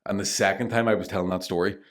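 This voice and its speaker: Swearing Northern Irish man, lowish voice. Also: steady tone, very fast. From Northern Ireland. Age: 30s. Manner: swearing storyteller, mimics family in voices, laughs often. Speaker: comedian guest. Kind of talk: casual podcast chat.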